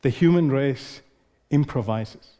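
A man's voice: medium pitch, slow pace, dark tone, big-room sound. A male preacher giving an expository sermon, explaining and posing rhetorical questions.

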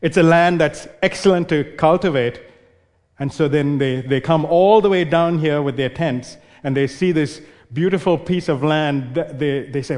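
A man's voice: a little high, normal speed, a little mellow, big-room sound. Man preaching with rhetorical questions. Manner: explanatory, asks rhetorical questions. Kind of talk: expository sermon.

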